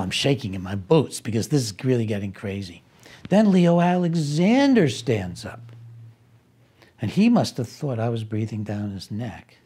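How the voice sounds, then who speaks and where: A man's voice: fairly low pitch, warm tone, slightly rough. A man telling a personal story in a conversational way, with wry asides and restarts. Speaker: speaker recounting a personal conflict.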